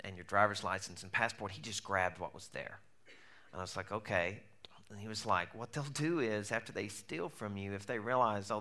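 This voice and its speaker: A man preaching a sermon, telling a personal story in an animated way and shifting between loud and hushed delivery. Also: medium pitch. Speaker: pastor.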